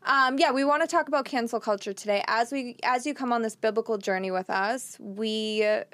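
A woman co-hosting a casual faith podcast, talking warmly with hesitant starts and giggles. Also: a little high, fairly quick, no echo. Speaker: podcast co-host.

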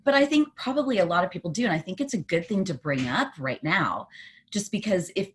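A woman who is a podcast guest, telling personal stories in an animated way and laughing often. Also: lowish voice, fairly quick. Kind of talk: conversational interview.

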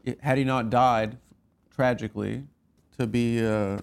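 A man's voice: medium pitch, steady tone, measured pace, gravelly, smooth. A man co-hosting a podcast, teasing and pushing back in casual comedic banter. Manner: teasing, pushy. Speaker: podcast co-host.

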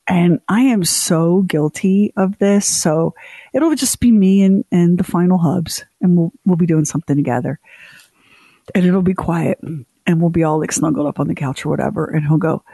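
A woman's voice: on the low side, moderate pace, dark tone, husky, no room sound. A woman co-hosting a radio show, telling funny stories in a chatty way and acting out the quotes. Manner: chatty, comedic storytelling with put-on quotes. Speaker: co-host. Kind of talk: casual radio chat.

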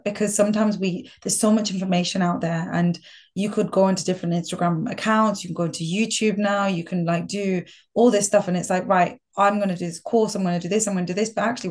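A woman's voice: medium pitch, a little mellow. Thoughtful woman guest psychologist. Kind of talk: casual chat.

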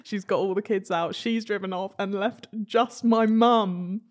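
A woman's voice: mid-range voice, a little slow. A young woman, telling a story in casual chat, swearing freely and acting out the voices of other people. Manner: animated, swears freely, acts out quoted voices. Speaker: guest.

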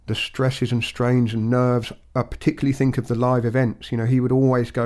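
A man's voice: medium pitch, level tone, a little mellow. Thoughtful man reminiscing on a podcast. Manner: thoughtful, measured, with frequent restarts. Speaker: podcast co-host. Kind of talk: reflective podcast conversation.

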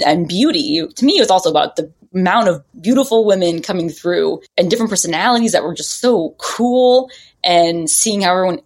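A woman talking as a podcast guest in a rambling, chatty way, often laughing. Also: lowish voice. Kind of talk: casual chat.

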